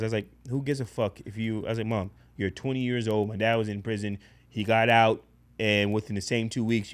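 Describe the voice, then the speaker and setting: A man casually telling a personal story in a blunt, profane, animated way as a podcast guest. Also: mid-range voice.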